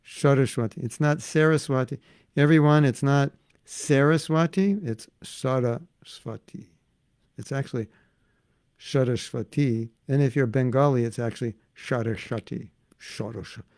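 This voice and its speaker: A man's voice: mid-range voice, fairly even intonation, moderate pace, darkish tone, clear, resonant tone, dry recording. An older man giving an informal devotional class, chatting and answering questions from listeners. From United States. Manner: breaks into chanted prayers. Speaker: spiritual teacher.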